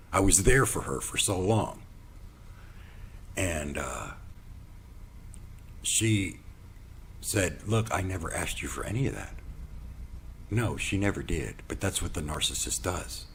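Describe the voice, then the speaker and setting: A deep-voiced man hosts a podcast, narrating a personal tale solo with lively energy. He acts out the things people said and occasionally lowers his voice to a whisper. Slight background noise can be heard.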